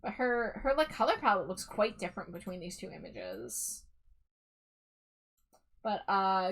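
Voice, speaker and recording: A woman's voice: medium pitch, a little slow, creaky, long pauses, fairly bright tone. A woman hosting a live stream, giving chatty, opinionated commentary with lots of fillers. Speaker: streamer host.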